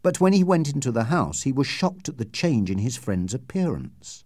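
A man narrating an audiobook in a clear, measured reading style. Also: mid-range voice, big pitch swings, a little mellow, no room sound, studio quality.

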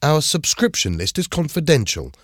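A man's voice: fairly high pitch, very animated, moderate pace, a bit bright, no echo, clean studio sound, pitched above the performer's own voice. A man voicing a busy female magazine reporter who turns cold and dismissive.

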